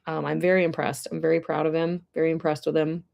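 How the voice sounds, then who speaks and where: A woman's voice: low-pitched, level tone, fast talker, gravelly, darkish tone. Woman host, casual livestream chat, emotional and teary, talks to viewers by name. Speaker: horse ranch livestreamer. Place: indoors with air blowing.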